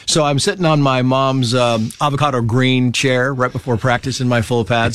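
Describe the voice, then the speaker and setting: A man telling personal stories in a casual conversation, lively and acting out the people he quotes. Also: no room sound. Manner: animated storyteller who acts out quoted voices in high pitch.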